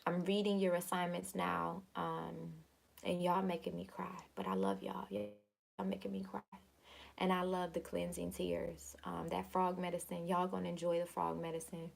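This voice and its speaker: Woman with a gravelly low voice. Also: little pitch movement, normal speed. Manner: earnest, repeats herself, says y'all. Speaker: host of a live video. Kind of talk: casual live-stream talk.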